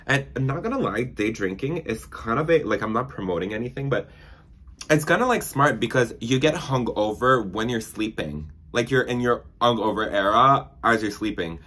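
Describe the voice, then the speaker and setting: A man's voice: mid-range voice, expressive, moderate pace, pushed and bright, slightly rough. A young man chatting casually while doing makeup, rambling through stories with lots of filler words. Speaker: beauty vlogger.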